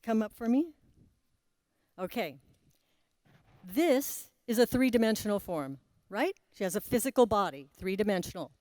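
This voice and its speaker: A woman giving a spiritual talk to a live audience. She speaks slowly, pauses often, drops suddenly to a soft voice and puts questions to the listeners. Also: medium pitch, lively intonation, no room sound. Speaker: spiritual teacher.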